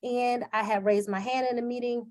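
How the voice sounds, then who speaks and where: Using a computer webcam, a woman hosts a live video with a fairly high voice, fairly even intonation, and normal speed. She talks candidly, earnestly, and emotionally, with plenty of fillers.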